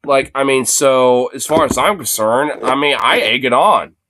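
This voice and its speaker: A man's voice: mid-range voice, measured pace, sharp tone, no echo. A man hosting a livestream, reacting to videos in casual, profane commentary, laughing often and mocking.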